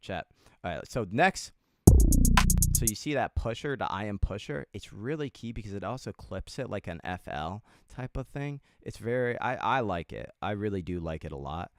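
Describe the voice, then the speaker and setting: A man's voice: on the low side, expressive, normal speed, faint music behind. A young man livestreaming a beat-making tutorial, chatting casually with his chat, joking and swearing a lot. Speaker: music producer livestreamer.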